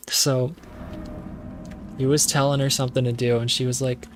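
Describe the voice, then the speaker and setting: A man's voice: medium pitch, flat delivery, measured pace, long pauses, background noise. A young man streaming a game while rambling through a movie plot from memory, swearing and losing his thread. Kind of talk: casual movie recap while gaming.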